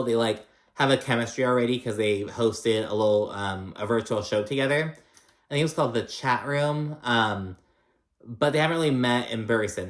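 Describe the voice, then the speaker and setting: Man, gossipy reality recap, sassy quoted bits, roomy echo. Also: mid-range voice. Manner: gossipy, filler-heavy, mimics cast with sassy quotes. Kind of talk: casual chatty recap.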